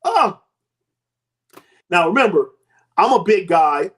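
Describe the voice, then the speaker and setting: A man in his fifties, a guest giving a lively personal testimony and acting out the people in it. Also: sits high, brisk. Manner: animated storytelling, acts out quoted voices.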